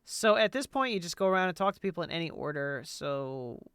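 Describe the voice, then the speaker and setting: A man's voice: on the high side, animated, brisk, fairly bright tone, clean tone, no echo, studio quality. A man streaming a game, chatting casually in a laid-back way, joking and swearing. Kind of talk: casual live-stream commentary.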